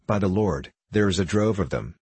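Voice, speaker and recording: A man's voice: low voice, expressive, normal speed, a little mellow, breathy edge, no echo, exaggerated voice. A man reading the lines of a seasoned, boastful frontier scout with folksy old-fashioned speech in an audiobook.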